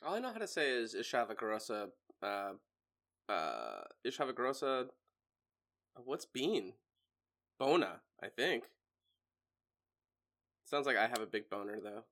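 Animated, bright-voiced young man. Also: medium pitch. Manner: animated, swearing, quick to laugh. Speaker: podcast co-host. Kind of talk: casual movie podcast chat.

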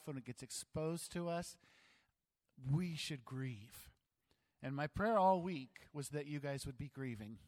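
A man preaching a sermon as pastor, animated, acting out voices and joking about himself. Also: fairly high pitch. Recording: long hall reverb.

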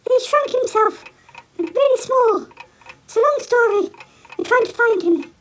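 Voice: extremely high pitch, animated, measured pace, a little hiss or hum. A performer voicing Ig, a timid, worried helper who stammers and hesitates and is out of breath. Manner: hesitant, many ums and stammers.

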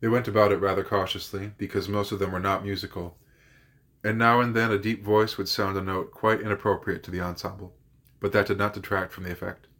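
Lowish male voice reading a novel out loud, steady and measured, podcast host doing audiobook style. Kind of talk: audiobook narration.

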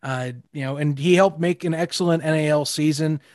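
Guy co-hosting a sports podcast, bit higher voice, dry close sound, keeps restarting sentences. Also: steady tone, brisk, a little mellow, no room sound. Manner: hesitant, many restarts and fillers. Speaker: podcast co-host. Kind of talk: casual sports podcast chat.

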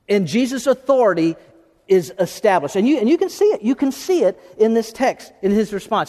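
A pastor with a high-pitched, mellow voice preaches a sermon expressively and a little fast, in a conversational style. He poses rhetorical questions and restarts his phrases, and the recording carries long hall reverb.

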